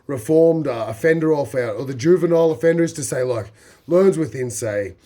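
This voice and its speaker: Rambling Australian man, slightly husky. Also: a little high, fairly quick, warm tone. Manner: rambling, fills with "say" and "like". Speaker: vlogger. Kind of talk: casual talk to camera.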